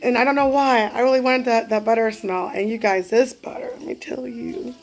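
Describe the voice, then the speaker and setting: A woman's voice: a little high, fairly even intonation, fairly quick. A woman, a mother of six vlogging casually from her home kitchen at night, chatty and rambling. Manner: chatty, rambling, loses track. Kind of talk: casual vlog chat.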